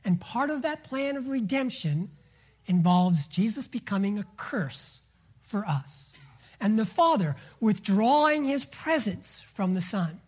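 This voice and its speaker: A woman preaching a sermon, moving between soft, near-whispered lines and loud emphasis, and drawing out words slowly to stress them. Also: on the high side. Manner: slow, drawn-out words for emphasis.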